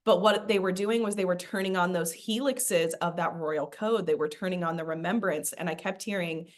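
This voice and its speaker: A woman's voice: lowish voice, moderate pace. A woman in casual podcast chat, telling a spiritual story with a rambling manner and lots of "like" fillers.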